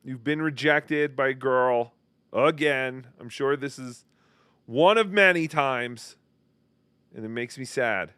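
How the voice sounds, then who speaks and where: A man's voice: mid-range voice, takes it slowly, sharp tone, clean tone, dry recording. A man hosting a casual chat, teasing guests with crude jokes. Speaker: host.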